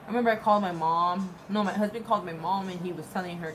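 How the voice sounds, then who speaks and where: A young woman telling a personal story in a casual, halting way, often repeating and restarting her words. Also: fairly low pitch, steady tone, noisy background. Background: music.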